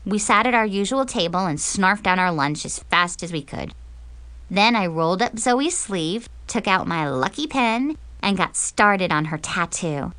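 Woman narrator, audiobook, sarcastic, very lively pitch, dry close sound. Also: measured pace, clean tone, no echo. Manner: sarcastic, expressive, dramatic. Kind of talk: first-person audiobook narration of a teen diary.

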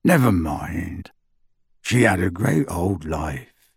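A man voicing a huge, gruff half-giant who speaks slowly and heavily. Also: low-pitched, animated, no echo, studio quality, pitched below the performer's own voice, heavily acted. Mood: gruff comfort. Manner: gruff, slow and heavy.

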